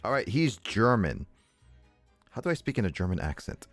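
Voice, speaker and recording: A man's voice: lowish voice, moderate pace, no room sound, soft background music. A man streaming a video game, chatting casually and jokingly as he reads the dialogue. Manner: animated, jokey, reads dialogue aloud. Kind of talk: casual gameplay commentary.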